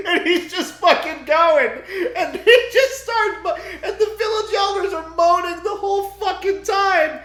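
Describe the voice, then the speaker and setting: A young man co-hosting a podcast, retelling a movie plot in loud, profane, animated bursts and acting out screams. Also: very high voice, a little slow, echoey room, a little hiss or hum. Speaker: podcast co-host.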